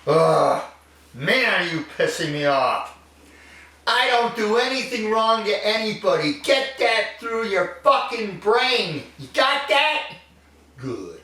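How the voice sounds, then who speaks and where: A slow, menacing hermit. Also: male voice, on the high side, very animated, bright, forceful tone, slightly rough, full character voice. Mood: angry. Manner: threatening, profane, growling. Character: menacing, foul-mouthed reclusive man, short-tempered. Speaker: interview subject in a mockumentary.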